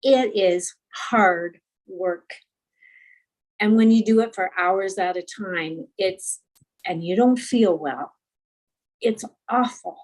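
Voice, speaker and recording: A woman tells her support group about her week over a video call. She speaks slowly and sincerely, in a chatty, heartfelt way. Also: mid-range voice, a little mellow, rough recording. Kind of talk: casual check-in on a group call.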